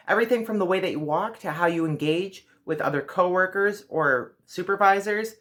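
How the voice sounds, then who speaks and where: A woman's voice: lowish voice, moderate pace, few pauses, a bit bright. A woman vlogger giving earnest, direct advice in a casual monologue.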